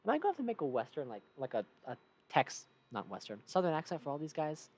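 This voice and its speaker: A woman's voice: low voice, huge pitch swings, fast talker, darkish tone, husky. Playful woman streamer reading game text. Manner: reads game text aloud, playful and chatty. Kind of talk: casual gameplay commentary.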